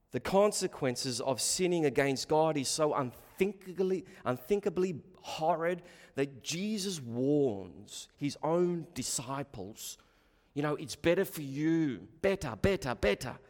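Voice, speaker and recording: Male pastor, sermon, fairly high voice, passionate, loud bursts and hushed asides, repeats himself, long hall reverb. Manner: impassioned, swings between loud emphatic bursts and quiet low asides; repeats words and restarts phrases.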